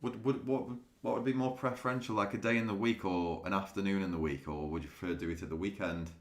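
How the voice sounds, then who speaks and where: Chatty low-voiced man, echoey room. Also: fairly even intonation, fast talker. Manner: chatty, laughs often, restarts sentences. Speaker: day trading streamer. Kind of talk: casual live-stream chat with viewers.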